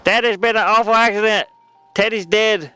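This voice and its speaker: A man voicing a bratty toddler boy trapped in a room, whining and shouting for his daddy. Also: high-pitched, fairly even intonation, moderate pace, faint music behind, voice pushed up. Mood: whiny. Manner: whiny, shouting for daddy, giggly.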